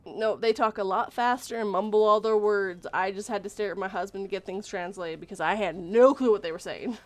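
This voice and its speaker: A woman's voice: mid-range voice, a little fast. A woman guest on a casual livestream chat, blunt and playful, who laughs often.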